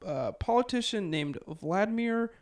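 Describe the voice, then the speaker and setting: A man's voice: high voice, unhurried. Chatty young man telling a story. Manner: relaxed, filler-heavy, chuckles often. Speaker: podcast host. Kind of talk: casual storytelling from notes.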